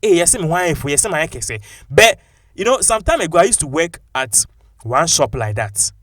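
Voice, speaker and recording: A man with a Ghanaian English accent giving animated, opinionated commentary and mixing local-language phrases into his English. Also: on the high side, moderate pace, dry recording, studio quality.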